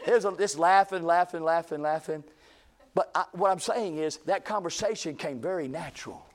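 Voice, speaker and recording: Male pastor, high-pitched, chatty, emphatic preaching. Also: moderate pace. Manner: folksy, conversational preaching with rising emphatic runs. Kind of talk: sermon.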